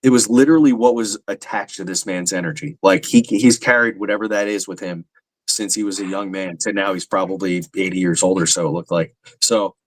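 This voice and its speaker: A man's voice: sits low, steady tone, a little fast, dry recording, low-quality recording. A man, talking earnestly in a casual paranormal podcast, with many fillers. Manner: earnest, rambling, frequent fillers. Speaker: paranormal medium, podcast guest.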